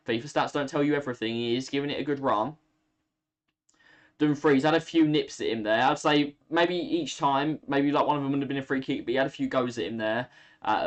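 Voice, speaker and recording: A tired young man, chatting through live football commentary on a stream and talking to his chat. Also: mid-range voice. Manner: chatty, reacts to play, talks to chat. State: tired, yawning. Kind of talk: live watch-along commentary.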